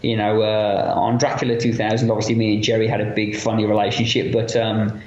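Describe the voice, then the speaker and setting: A man being interviewed as a guest, telling lively anecdotes with lots of fillers and quoted voices. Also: lowish voice, fairly quick, reverberant, highs cut off. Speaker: interview guest, effects makeup artist. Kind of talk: casual storytelling interview.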